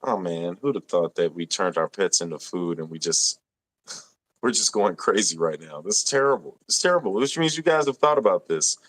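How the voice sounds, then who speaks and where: A man's voice: sits low, lively intonation, moderate pace, a bit bright. A young man hosting a casual live stream, reading viewer comments aloud with a laid-back, laughing manner.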